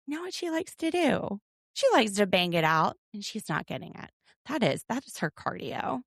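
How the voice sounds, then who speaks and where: Woman podcast host, gravelly, lively up-and-down delivery, dry close sound, wry chatty recap. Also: medium pitch, moderate pace, no echo. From United States. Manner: chatty, wry, self-deprecating. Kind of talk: casual recap commentary.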